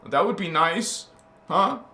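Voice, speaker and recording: Fervent preaching man, higher voice, roomy echo. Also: lively intonation, slow, bright, forceful tone. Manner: fervent, needling, full of rhetorical questions and stammered restarts. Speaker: spiritual teacher. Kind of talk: preaching monologue.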